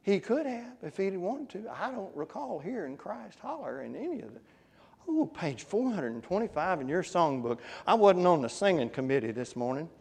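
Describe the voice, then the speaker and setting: A man's voice: high voice, very animated, moderate pace, vocal fry, darkish tone, slightly rough, in a large hall. A man preaching a conversational sermon, often putting questions to his congregation. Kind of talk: interactive Bible class sermon. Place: church.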